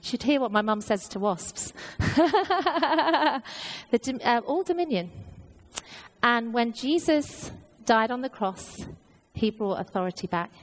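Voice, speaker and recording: A woman's voice: a little high, animated, normal speed, rough recording. A woman preaching a sermon, telling a personal story in an earnest way with many fillers and restarts.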